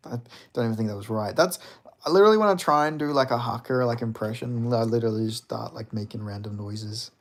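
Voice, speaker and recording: A man's voice: medium pitch, quick pace. A young man chatting casually on a livestream, rambling and reading out comments, with lots of fillers and swearing. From Australia. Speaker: streamer.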